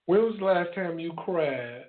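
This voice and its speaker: A man's voice: on the high side, lively intonation, unhurried. A man in casual chat, teasing and joking with his friend. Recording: tinny phone-like audio.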